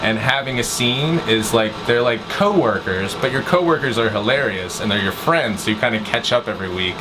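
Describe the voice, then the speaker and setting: Relaxed comedian talking, AC hum behind. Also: male voice, mid-range voice, brisk. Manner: relaxed, loose, swearing freely. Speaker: comedian being interviewed. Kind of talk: casual interview talk. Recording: air conditioning hum behind. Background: air conditioner noise.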